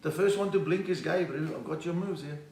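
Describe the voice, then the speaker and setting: A man's voice: fairly high pitch, darkish tone, recorded from a distance, a little hiss or hum. Man, comedian, chatty, echoey room, off-mic phone. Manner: chatty, quick, acts out characters, chuckles. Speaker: stand-up comedian. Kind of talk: live-streamed joke telling.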